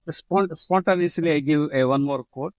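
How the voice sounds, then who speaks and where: A man with an Indian English accent, a guest speaking spontaneously in an interview, repeating his motto and pausing often with fillers. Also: a little high, a little mellow, no room sound, low-quality recording. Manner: repeats his slogans, halting with many fillers. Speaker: guest, leadership author.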